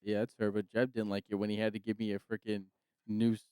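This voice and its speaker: A man's voice: fairly low pitch, monotone, fast, dark tone, smooth, no room sound. A man co-hosting a casual podcast, telling work stories with quoted dialogue and frequent laughs. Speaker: podcast co-host. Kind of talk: casual chat.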